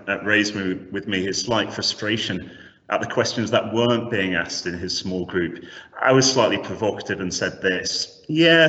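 A man preaching a sermon with animated, rhetorical emphasis, heard from a distance in a church. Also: on the low side. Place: church hall. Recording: echoey hall from a distance, slightly dull.

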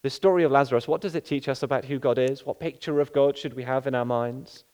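A man's voice: medium pitch, steady tone, fast, darkish tone. A male pastor giving an earnest sermon, often asking rhetorical questions.

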